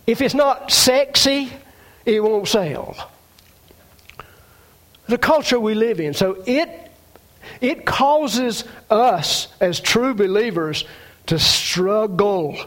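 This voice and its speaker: A man preaching a sermon, emphatic and repetitive, quoting scripture and asking the congregation for an amen. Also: sits high. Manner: emphatic, repeats phrases, quotes scripture.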